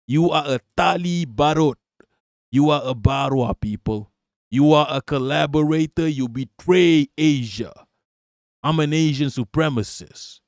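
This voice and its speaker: Male stream host with a higher-than-usual voice and a dry, close sound, ranting hard and swearing freely. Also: unhurried, dry recording. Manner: heated, profane, repeating for emphasis. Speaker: streamer reacting to political clips. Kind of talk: live-stream commentary.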